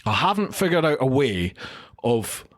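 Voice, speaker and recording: A middle-aged podcast host runs a casual livestream chat, reading viewer comments aloud and greeting each viewer by name. His medium-pitched voice swings widely in pitch at a moderate pace. He uses a studio mic into a recorder.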